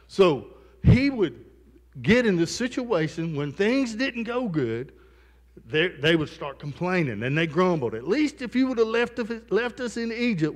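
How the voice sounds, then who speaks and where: A man's voice: on the high side, long reverb tail. A male pastor preaching a sermon in a conversational style, with asides to the congregation in a church sanctuary.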